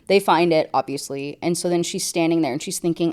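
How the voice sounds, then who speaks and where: A woman's voice: on the low side, normal speed, hardly any pauses, a little mellow. A woman ranting through a book review, sarcastic and exasperated.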